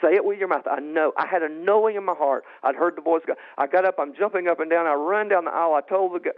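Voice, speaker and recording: Excited man telling his testimony, tinny. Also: quick pace. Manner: rises high and loud when reliving moments, repeats and restarts. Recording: tinny phone-like sound.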